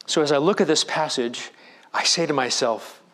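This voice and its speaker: A man's voice: fairly high pitch, normal speed, a bit bright. A man preaching a sermon as a pastor, with emphatic delivery that rises and drops in volume.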